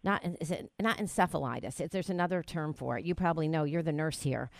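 A woman's voice: deep voice, fast talker, creaky, no room sound. A woman hosting a radio talk show, chatty and rambling, with many fillers.

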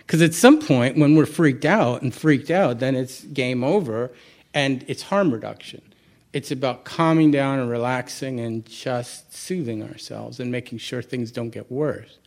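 A middle-aged man leads a Buddhist talk before a live audience. His pitch sits in the ordinary middle range for a man. He speaks candidly and conversationally, telling a personal story with self-deprecating asides and frequent restarts. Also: a little slow. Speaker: Buddhist teacher.

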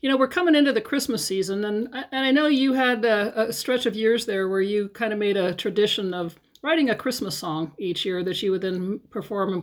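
A woman interviewer asking questions in casual conversation, with teasing asides. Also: mid-range voice.

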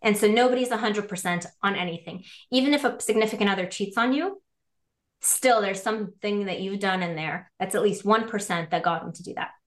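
A woman's voice: medium pitch, fairly quick. A woman guest on a podcast, chatting animatedly and illustrating her points with examples. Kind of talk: casual chat.

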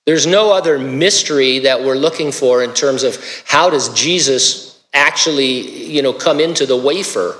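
A man preaching a conversational sermon as a pastor, relaxed, with joking asides and small restarts. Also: medium pitch, normal speed, few pauses, in a large hall.

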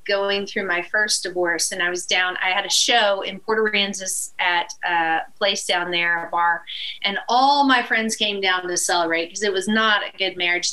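A woman's voice: mid-range voice, low-quality recording. A middle-aged woman from East Texas with a Texan accent, telling a story as a guest and laughing as she goes. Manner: animated, laughs through her story. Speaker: guest musician. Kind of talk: casual storytelling.

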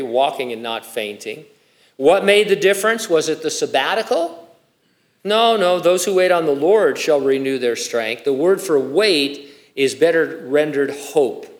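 A male pastor preaching a sermon, reading scripture and adding conversational, joking asides. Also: fairly high pitch.

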